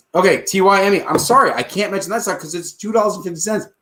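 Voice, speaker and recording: A confident man with a slightly higher voice walks through trade numbers in a casual advice monologue. He talks briskly and keeps checking in with his listener. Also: expressive, fairly bright tone. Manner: checks in with "all right?" and "okay?" often. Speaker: stock trading advice host.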